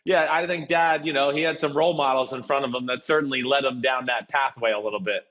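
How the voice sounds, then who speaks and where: A man's voice: medium pitch, steady tone, fast. A man hosting a casual podcast, teasing his guest and laughing often. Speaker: host. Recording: muffled audio.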